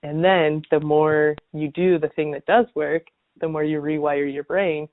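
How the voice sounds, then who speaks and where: A woman hosting a podcast, speaking in a calm, affirming and spiritual way. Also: sits low, unhurried, no echo. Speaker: podcast host. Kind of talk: casual chat. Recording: tinny phone-like line.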